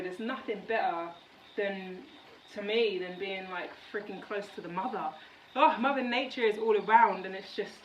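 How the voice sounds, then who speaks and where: A woman from the United Kingdom talks her way through a cooking vlog, chatty and rambling with plenty of fillers. Her voice sits at an ordinary middle pitch. It carries the ring of a roomy kitchen, picked up from a distance with faint background sound. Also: slight background noise. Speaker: vlogger. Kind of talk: casual cooking vlog chat. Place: home kitchen.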